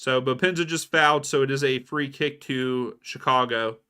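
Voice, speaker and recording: A man's voice: mid-range voice, normal speed, sharp tone, smooth. A young adult man doing casual live match commentary for a watchalong stream, reacting to plays and answering viewers by name. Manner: casual, reacts to plays and reads out chat names.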